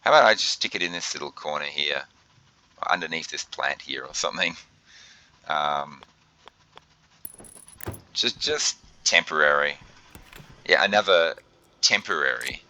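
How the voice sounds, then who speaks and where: A deep-voiced young man talks his way through a game as he plays. His tone is bright and forceful. He keeps stumbling over his words and restarting his sentences. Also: unhurried, long pauses, low-quality recording. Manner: flustered, thinks aloud with many fillers and restarts. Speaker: gaming video host. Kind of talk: let's play commentary.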